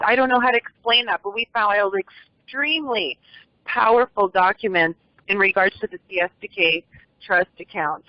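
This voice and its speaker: A woman's voice: medium pitch, no echo. Rambling woman on a muffled line. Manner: rambling, restarts sentences, seeks reassurance. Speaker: guest caller. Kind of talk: casual call-in interview. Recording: muffled lo-fi call audio.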